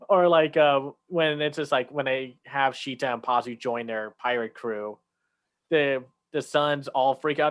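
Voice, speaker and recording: A man's voice: mid-range voice, slow, a bit bright. A man co-hosting a casual chat, talking loosely with many fillers and restarts, sometimes acting out lines in a raised voice. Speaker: podcast co-host.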